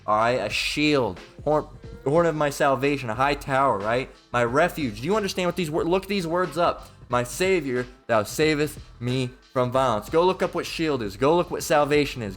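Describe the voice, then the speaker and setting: A man's voice: fairly high pitch, expressive, moderate pace, a bit bright, faint music behind. A man giving an informal Bible lesson, blunt and emphatic, who swears freely and keeps checking in with "all right?". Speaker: religious teacher.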